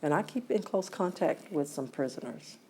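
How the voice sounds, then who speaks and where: A woman's voice: sits low, lively intonation, normal speed, a little hiss or hum. A middle-aged woman, telling stories as a podcast guest and quoting others as she goes. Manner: storytelling, often quotes others and laughs softly. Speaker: guest, mother of a man killed in prison. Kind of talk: emotional interview.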